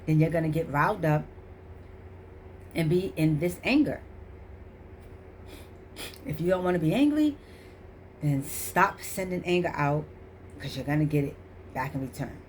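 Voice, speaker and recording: A woman's voice: deep voice, animated, a little slow, pauses often, a little mellow, slight background noise. A middle-aged woman giving a casual motivational talk, emphatic and repetitive, preaching about choices. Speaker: motivational vlogger.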